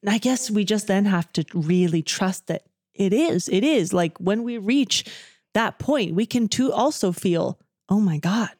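A woman in casual discussion of scripture, speaking in a reflective, drawn-out way. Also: mid-range voice, lively intonation, a little mellow, no echo, studio quality.

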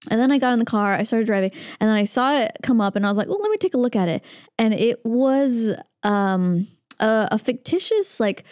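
A woman with a slightly high voice tells a heartfelt story in a loose, chatty way, full of fillers and restarts. Her voice sounds close and dry, with hardly any room around it. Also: animated, a little fast, darkish tone, smooth, no echo. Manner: emotional storytelling, many fillers. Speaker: podcast co-host. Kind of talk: casual spiritual chat.

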